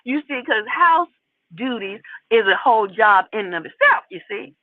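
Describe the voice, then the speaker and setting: A woman delivers casual opinion commentary to her viewers. Her pitch swings up and down constantly and she leans on repetition to drive her points home. The sound is thin and phone-like, with a dry, close feel. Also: normal speed, no room sound. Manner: animated, talks straight to viewers, lots of repeated emphasis. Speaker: commentary channel host.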